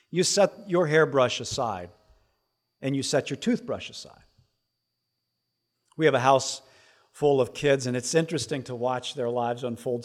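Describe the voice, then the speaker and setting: A middle-aged man preaching a sermon as pastor, swinging between hushed asides and loud, emphatic lines. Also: mid-range voice.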